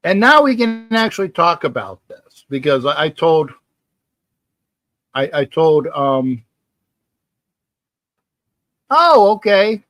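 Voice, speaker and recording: Man hosting a fan livestream, slow and rambling, repeats and restarts himself, close dry sound. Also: a little high, big pitch swings, a bit bright, no room sound. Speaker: sports talk livestream host. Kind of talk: casual live-stream chat reading viewer comments.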